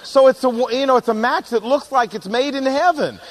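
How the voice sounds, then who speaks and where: A man giving a humorous seminar talk on personality types in marriage, animated, acting out quoted voices and chuckling at his own jokes. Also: very high-pitched, brisk. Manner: animated storyteller who acts out quoted voices.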